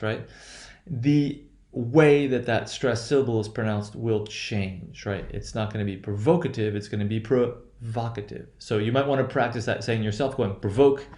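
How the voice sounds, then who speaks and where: Halting man teaching in an echoey room. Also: medium pitch, a little mellow. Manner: halting, self-correcting, many fillers and "right?" checks. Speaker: English pronunciation teacher. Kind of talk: recorded lecture.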